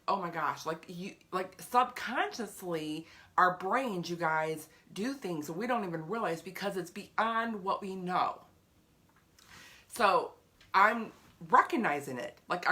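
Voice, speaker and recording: A woman's voice: fairly low pitch, bright, forceful tone. Earnest woman in a chatty faith talk. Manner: earnest, chatty, repeats herself; greets live viewers by name. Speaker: faith vlogger. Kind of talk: casual faith talk to viewers.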